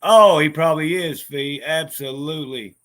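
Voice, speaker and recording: A man's voice: fairly high pitch, moderate pace, fairly bright tone. Laughing, foul-mouthed man chatting. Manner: profane, laughs a lot, rambling. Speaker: vlogger. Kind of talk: casual chat.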